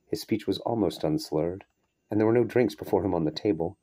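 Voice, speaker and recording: A man reading a short story aloud in a steady, measured way, now and then breaking off for a brief aside. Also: low voice. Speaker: reader. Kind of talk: audiobook narration of a short story.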